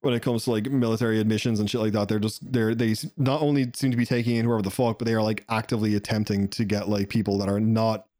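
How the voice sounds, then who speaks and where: Fast-talking man, crude and laughing. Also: fairly low pitch, level tone, mellow, no echo, clean studio sound. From Ireland. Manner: crude, laughing, heavy filler words. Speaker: podcast guest. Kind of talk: casual podcast chat.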